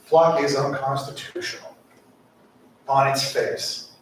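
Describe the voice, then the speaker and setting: Captured by a distant mic in an echoey council chamber, a man delivers an impassioned public comment at a city council meeting, posing rhetorical questions. His mid-range voice moves little in pitch, he speaks slowly, and a faint hiss or hum sits under it.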